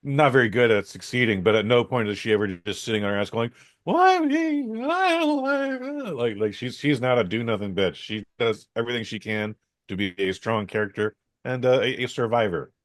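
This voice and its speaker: A man's voice: fairly low pitch, fairly quick, dry recording. A man hosting a podcast, rambling through a casual film review with many fillers, restarts and some swearing.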